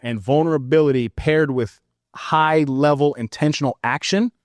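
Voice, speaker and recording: A man's voice: on the high side, fairly even intonation, normal speed, no room sound. Earnest storytelling man on a podcast. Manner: calls listener "brother". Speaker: podcast guest. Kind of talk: casual interview chat.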